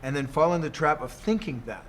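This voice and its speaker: Older male teacher, relaxed rambling delivery, constant "see?" check-ins. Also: on the high side, a little fast, a little hiss or hum. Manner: rambling, keeps asking "see?", chuckles often. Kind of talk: casual teaching talk.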